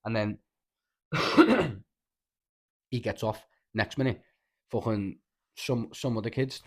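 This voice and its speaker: A young man with a Scouse accent telling rambling, animated stories in casual podcast chat, full of slang and swearing. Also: medium pitch, slow, slight background noise. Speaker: podcast host.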